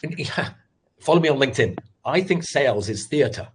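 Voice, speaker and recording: A middle-aged man giving a candid, animated webinar talk on pitching, full of restarts as he tells his story. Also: a little fast, a little hiss or hum. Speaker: sales expert and former startup founder.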